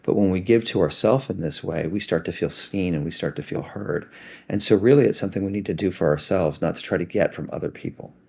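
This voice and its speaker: A man gently and reflectively talking through an emotional self-help practice. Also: low-pitched, brisk, creaky, slightly rough.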